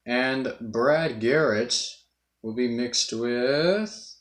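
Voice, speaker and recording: A man's voice: mid-range voice, takes it slowly, long pauses, fairly bright tone. A man hosting casually, often laughing at his own voice mixes. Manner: laughing, self-amused. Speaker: host, voice impressionist. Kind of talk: casual chat. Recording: roomy echo.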